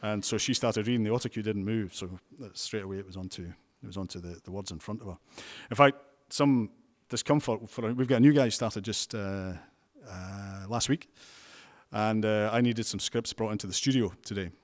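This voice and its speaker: A man's voice: fairly low pitch, moderate pace. A Scottish man, a television news presenter, giving chatty interview answers full of restarts and wry asides. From Scotland.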